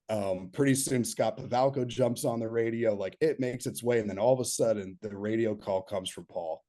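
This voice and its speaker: A man spins a story with a low, mellow voice. He laughs between phrases and slips into the voices of the people he quotes, keeping it loose and chatty. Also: moderate pace. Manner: lively storyteller, laughs mid-sentence, acts out quotes. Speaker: guest telling a story. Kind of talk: casual anecdote.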